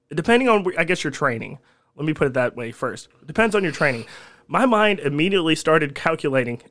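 A man, a podcast guest telling a long story in casual chat, animated and profane. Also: on the high side. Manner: animated, profane storyteller who laughs at his own tales.

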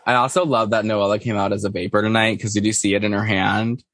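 A man's voice: quick pace, no room sound. Gossipy man on a podcast, dry sound. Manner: gossipy, animated, mimics people in high voices. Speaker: podcast co-host. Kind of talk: casual chat about a reality show.

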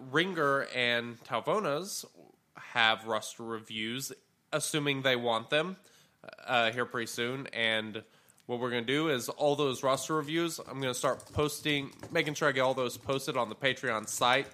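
Bright-voiced man chatting casually. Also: mid-range voice, a little slow. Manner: relaxed, rambling with fillers. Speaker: podcast co-host. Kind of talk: casual gaming podcast chat.

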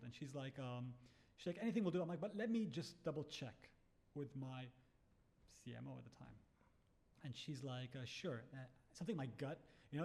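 A man's voice: a little high, darkish tone. A man, a startup founder, telling a story in casual chat, acting out quotes and swearing freely. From Bahrain.

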